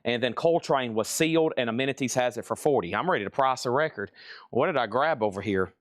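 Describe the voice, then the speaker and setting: A man's voice: mid-range voice, expressive, no room sound, studio quality. Chatty man calling out record prices. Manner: brisk, chatty, lists items and prices. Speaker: seller running a live record sale. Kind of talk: live auction and price calling.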